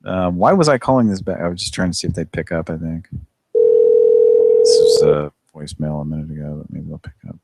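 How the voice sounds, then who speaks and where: A man's voice: low voice, brisk, vocal fry, noisy background. A man hosting a live prank-call show, chatting loosely, laughing often and swearing. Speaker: radio show host. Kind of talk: casual live show banter.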